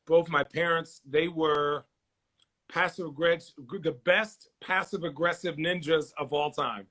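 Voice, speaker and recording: A man's voice: a little high, unhurried. A man in his forties, a former basketball player, telling stories in a casual interview and acting out the people he quotes. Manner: animated storyteller, acts out quoted voices.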